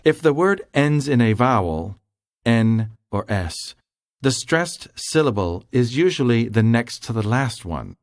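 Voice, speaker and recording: A man giving scripted, measured explanations as a language instructor. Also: mid-range voice, very animated, no echo, studio quality.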